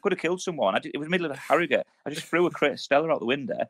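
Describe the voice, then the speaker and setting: A man's voice: a little high, expressive, very fast. A man, an ex-soldier co-hosting a podcast, telling sweary stories in casual chat and acting out quotes. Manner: sweary storytelling, acts out quotes.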